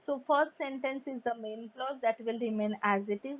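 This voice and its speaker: A woman's voice: on the high side, normal speed. A woman teaching a German grammar lesson, reading example sentences and then explaining them carefully in English. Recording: dull lo-fi recording.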